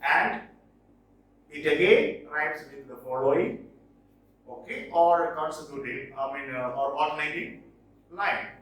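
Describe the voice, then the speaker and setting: A man, lecturing on poetry as a teacher, stressing and repeating key words slowly. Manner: emphatic, repeats key words slowly, with lively pitch jumps. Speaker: English teacher. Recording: roomy echo, distant from mic.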